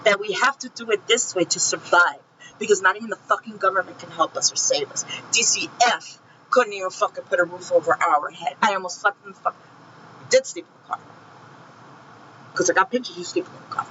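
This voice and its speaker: A woman's voice: mid-range voice, a little fast, sharp tone, dull audio, slight background noise. Heated, profane woman telling her story. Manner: heated, profane, tells the story with raw feeling. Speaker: vlogger recounting her own experience. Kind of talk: emotional personal storytelling.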